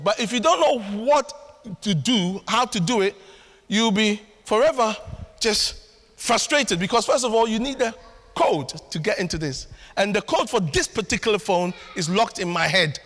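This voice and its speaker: Animated pastor preaching in an echoing hall. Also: male voice, sits high, normal speed. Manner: animated storytelling with acted asides. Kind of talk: sermon. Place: church hall. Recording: long hall reverb.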